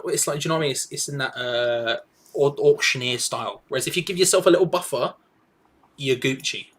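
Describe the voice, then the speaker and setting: A young man co-hosting a football watch-along, chatty and teasing, telling animated stories. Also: medium pitch, quick pace, husky. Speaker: co-host. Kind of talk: casual match watch-along chat.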